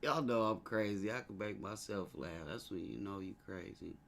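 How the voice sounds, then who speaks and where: Man, show host, casual commentary, laughs a lot, bright forceful voice. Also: on the low side, moderate pace, vocal fry, slight background noise. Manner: laughs often, animated and joking.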